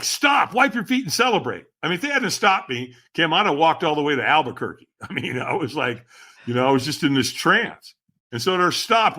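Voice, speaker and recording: An excited middle-aged man recounts his own story as a podcast guest. His voice is bright and sits a bit high. He leans into the quotes, acting them out with lively enthusiasm. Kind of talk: animated storytelling.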